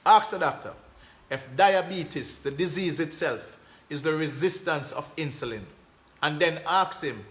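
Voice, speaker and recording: A man's voice: a little high, measured pace, fairly bright tone. A man with a Jamaican accent hosting a casual live stream, talking emphatically in patois phrasing and reading out viewer comments. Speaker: host.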